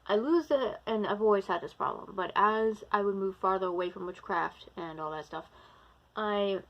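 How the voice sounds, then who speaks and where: A woman's voice: medium pitch, moderate pace, lo-fi sound. Rambling woman, mock British accent. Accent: slipping into a put-on British-like accent. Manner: rambling, loses her train of thought, trails off and restarts. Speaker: vlogger, practicing witch and druid. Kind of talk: casual talking-to-camera vlog. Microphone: camera recording herself.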